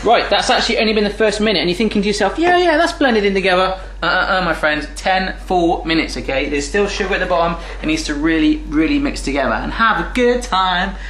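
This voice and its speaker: A man's voice: high voice, quick pace, hardly any pauses, a bit bright, echoey room, slight background noise. A man chatting playfully while cooking in his home kitchen, full of cheeky asides. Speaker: cooking vlogger. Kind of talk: jokey cooking video chat.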